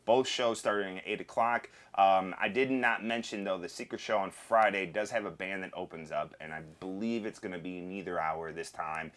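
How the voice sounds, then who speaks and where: A man hosting a casual comedy chat, telling animated stories and plugging shows and a sponsor. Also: low voice, moderate pace, hardly any pauses. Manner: animated storytelling with laughs. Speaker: comedy show host. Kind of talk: casual chat and show plugs.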